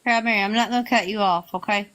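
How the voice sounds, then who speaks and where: A woman with a mid-range voice hosts a live stream. She answers accusations calmly and speaks in a measured, reassuring way. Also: mid-range voice, rough recording.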